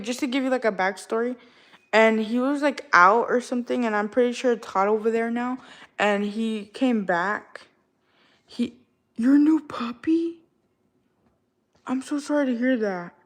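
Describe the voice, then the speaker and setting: A woman's voice: on the high side, normal speed, a bit bright. Young woman ranting casually to her chat. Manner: ranting, slang-heavy, exasperated. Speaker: livestreamer talking to chat.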